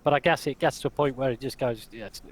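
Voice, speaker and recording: A man in his forties in casual conversation, chatty and animated as he tells stories. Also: medium pitch, quick pace, crowd noise. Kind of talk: casual chat.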